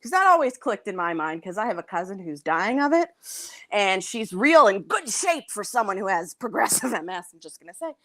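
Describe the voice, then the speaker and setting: A woman's voice: medium pitch, very animated, brisk, sharp tone, no echo, clean studio sound. A woman in casual chat, telling a gossipy story with lots of laughter and acted-out quotes.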